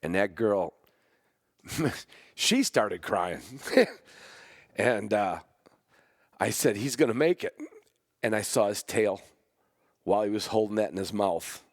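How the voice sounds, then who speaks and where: A man with a low, deep voice tells a personal story about his dog on a podcast. He rambles and restarts, and his voice lifts when he is moved. The sound is dry and close. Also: animated, no room sound. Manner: rambling, halting, with many restarts and fillers. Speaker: podcast host; hunting dog trainer.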